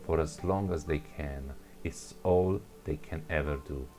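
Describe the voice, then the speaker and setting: Non-native english guy reading a gamebook story, super deep slow voice, soft guitar behind. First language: not English. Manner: halting, restarts on words. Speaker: narrator. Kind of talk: second-person gamebook reading.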